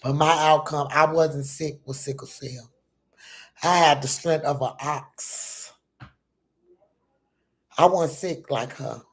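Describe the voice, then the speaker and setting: A woman's voice: sits low, takes it slowly, long pauses, slightly rough. A middle-aged woman telling a personal story to her viewers in an emphatic, profane, casual way, often calling out to them directly.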